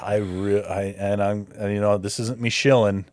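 A man co-hosting a tech podcast in casual chat, relaxed and steering the topic. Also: fairly low pitch, moderate pace, no echo. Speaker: podcast co-host.

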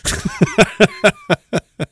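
A man's voice: very slow, fairly bright tone. A man hosting a livestream podcast, ranting sarcastically, laughing at his own riffs and reading chat comments aloud. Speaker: podcast host.

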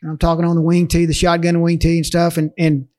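A man who coaches high school football in Texas, telling lively stories over casual chat. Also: fast talker. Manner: animated storyteller, acts out quotes.

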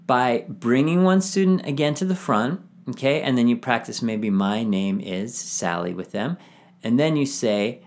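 A man who teaches English to young children, explaining his classroom method to other teachers in an animated way and modeling phrases slowly and clearly. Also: mid-range voice. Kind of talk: instructional talk for teachers.

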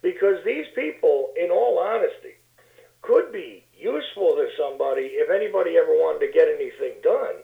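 Brief: wry, gravelly male guest, high voice, on an echoey tinny phone line. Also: animated, fairly quick. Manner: wry, sardonic, repeats words while thinking. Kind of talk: casual political talk. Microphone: phone call.

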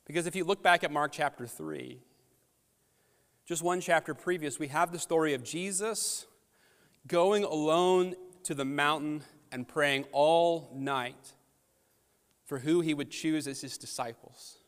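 A man preaches a sermon on a microphone, slipping from easy storytelling into strong, emphatic rises. His voice sits a bit high for a man. The sound carries a long reverb from a large church hall. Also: a little slow, fairly bright tone, smooth. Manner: storytelling, conversational with rising emphatic peaks. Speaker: pastor. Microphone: handheld or headset microphone.

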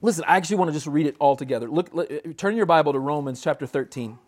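A man preaching a sermon with a noticeably high-pitched voice. He speaks earnestly and with emphasis, often restarting a phrase to drive his point home. He reads scripture aloud in the same steady preaching voice. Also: quick pace. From United States. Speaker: pastor.

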